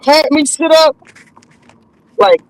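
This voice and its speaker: A woman's voice: sits high, steady tone, slow, low-quality recording. A woman in casual chat, talking bluntly and with swearing about giving birth. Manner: blunt, profane, laid-back talk. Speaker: mother in a friends' chat.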